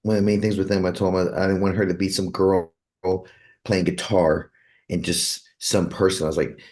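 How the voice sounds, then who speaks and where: Deep-voiced man telling a long story. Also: little pitch movement, a little fast, darkish tone. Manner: acts out quoted dialogue in a long anecdote. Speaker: guitarist's manager. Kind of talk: storytelling in a casual interview.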